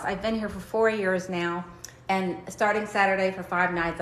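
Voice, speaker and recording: High-energy woman telling a faith story. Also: slight background noise. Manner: high-energy, animated, acts out dialogue. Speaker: livestream host. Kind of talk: faith-based personal storytelling. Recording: roomy, echoey room.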